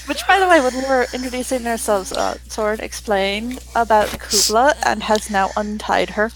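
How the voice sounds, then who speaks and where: Playful woman player, lively voice. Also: fairly high pitch, moderate pace, slight background noise, low-quality recording. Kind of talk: casual tabletop play.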